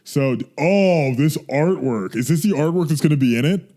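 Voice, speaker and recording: A man with a warm, dark voice co-hosts a casual comics podcast. His pitch rises and falls a lot, and he fires off blunt reactions and groans. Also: expressive, normal speed. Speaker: podcast co-host. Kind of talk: casual chat.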